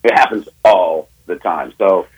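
A man talking on sports radio as a betting analyst, telling a story fast and with emphasis, acting out both sides of a phone call. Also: sits low, breathy edge.

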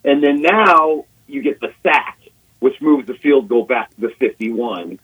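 A man in his sixties, a guest on sports radio, telling an animated story and acting out quotes, repeating himself as he goes. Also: medium pitch, unhurried, husky. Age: 60s. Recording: phone-line call on radio.

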